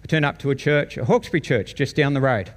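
A man's voice: medium pitch, fast. Australian man telling his testimony in a reverberant hall. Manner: conversational storytelling, chuckles often. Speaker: church guest speaker. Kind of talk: personal testimony to a congregation. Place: church meeting hall.

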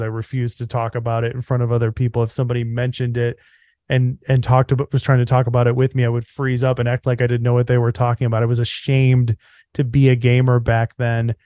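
An earnest man with a mid-range voice co-hosts a podcast and speaks reflectively. He fills his pauses with "um" and "like". The recording is close and dry. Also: mid-range voice, a little mellow, dry recording, highs cut off. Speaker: podcast co-host. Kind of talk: casual podcast chat.

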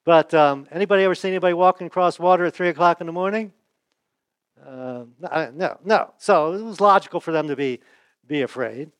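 A male pastor preaches in a folksy, chatty style, tossing rhetorical questions to the congregation. His voice sits on the higher side for a man and sounds close and dry, with almost no room echo. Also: a little fast, smooth. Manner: asks the audience rhetorical questions; folksy, chuckles and restarts. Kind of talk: conversational sermon.

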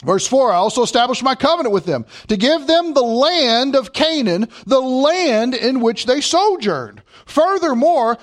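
Guy preaching, really high voice, slows right down on the verses. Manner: emphatic, slows way down to read scripture. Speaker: pastor. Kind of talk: sermon.

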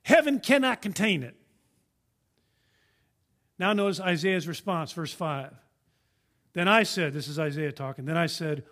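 A man preaching a sermon, earnest and emphatic, swinging from raised declarations down to hushed lines, often repeating and restarting words. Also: a little high, expressive, measured pace, pauses often. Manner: earnest, emphatic, rising and dropping to a hush.

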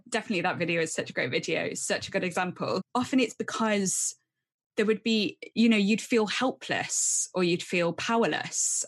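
A woman co-hosting a podcast, talking in an earnest, rambling way with frequent restarts. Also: medium pitch. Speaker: podcast co-host. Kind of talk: casual podcast chat.

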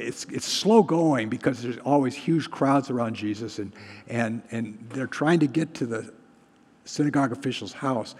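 A man's voice: mid-range voice, darkish tone, slightly rough, in a large hall. A man preaching a sermon in a conversational way, often putting questions to the congregation. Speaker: pastor.

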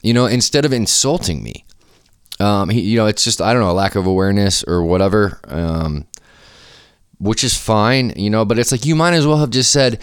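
A young adult man hosting a podcast, telling loose, profane stories in casual chat and jumping into animated quoted voices. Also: on the low side, normal speed, clear, resonant tone, dry recording, clean studio sound. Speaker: podcast host.

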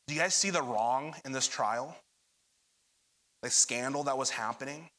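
A man's voice: mid-range voice, normal speed, pushed and bright. A young adult man preaching a sermon, addressing the congregation directly and retelling scripture with dramatic energy. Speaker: pastor.

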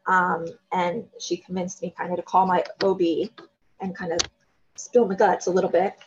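A woman in her thirties, a guest telling a candid personal story in an interview, self-deprecating and animated when quoting others. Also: on the low side, moderate pace, slight background noise. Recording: dull lo-fi sound.

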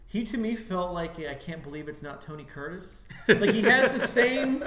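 Higher-voiced rambling man, echoey room. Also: big pitch swings, normal speed, crowd noise. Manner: rambling, full of asides and fillers. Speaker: podcast co-host. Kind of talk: casual film chat. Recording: roomy echo.

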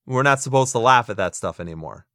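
A man's voice: medium pitch, lively intonation, fast talker, fairly bright tone, no echo, studio quality. A man co-hosting a casual podcast, rambling through a film recap with frequent restarts and small chuckles. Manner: rambling, repeats words, chuckles while recapping. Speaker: podcast co-host reviewing a film. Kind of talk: casual chat.

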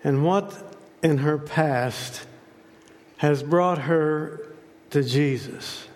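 Slow, dramatic preacher man in a reverberant hall. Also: on the high side, darkish tone. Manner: dramatic storytelling with rhetorical questions. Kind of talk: sermon.

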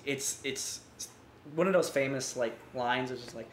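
A man co-hosting a relaxed podcast chat, his voice sitting mid-range for a man and ringing in a roomy, echoey space with faint ambience behind. He talks in animated, rambling bursts that are full of restarts and fillers. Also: medium pitch, a little slow, slight background noise. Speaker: podcast co-host. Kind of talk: casual chat. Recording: roomy echo.

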